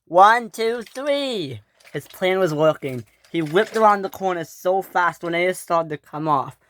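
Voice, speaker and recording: A woman's voice: lowish voice, moderate pace. A woman narrating an improvised toy train story in a breathless, stumbling way.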